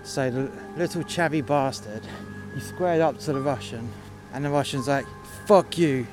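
A man's voice: mid-range voice, moderate pace. A man spins a rude, mocking yarn about his job, swearing freely and speaking in a mid-range voice. He sounds like he is outdoors in the freezing cold. Guitar music plays behind him. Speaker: podcast storyteller. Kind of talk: profane casual storytelling.

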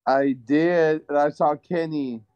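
A man calling into a sports podcast, halting and repeating his words. His muffled, dull sound is completely dry. His voice sits a little high. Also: steady tone, a little mellow, smooth, dry recording. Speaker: call-in guest. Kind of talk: casual chat. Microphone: hand over microphone. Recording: muffled, dry call audio.

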